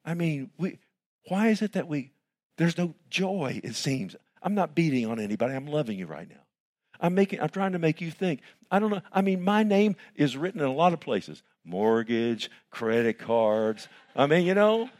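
A man's voice: fairly high pitch, sing-song, normal speed, darkish tone. A male pastor preaching a sermon, asking rhetorical questions and calling the listeners "loved one".

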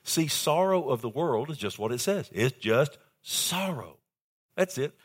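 A man preaching a sermon to a congregation. He asks rhetorical questions and swings between loud emphasis and near-whispered intimacy. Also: mid-range voice, expressive, measured pace, slightly rough. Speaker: pastor. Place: church before a live congregation.

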